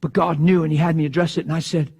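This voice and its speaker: A man preaching, telling a story in a hushed voice and then breaking into shouted bursts. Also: on the high side, flat delivery, fast, slightly rough. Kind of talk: sermon storytelling.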